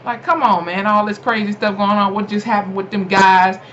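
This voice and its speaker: A young adult YouTuber chattily recapping a TV episode, animated and laughing often, with lots of fillers. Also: mid-range voice, brisk. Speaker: TV episode reviewer. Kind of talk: casual spoken episode recap. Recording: dull lo-fi home recording with faint noise.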